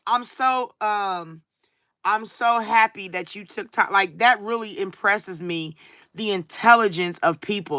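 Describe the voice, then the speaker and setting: A woman's voice: medium pitch, measured pace, pushed and bright, dry recording, clean studio sound. A woman, talking casually and sarcastically to her livestream viewers, with a preacher-like cadence. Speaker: livestream tarot reader.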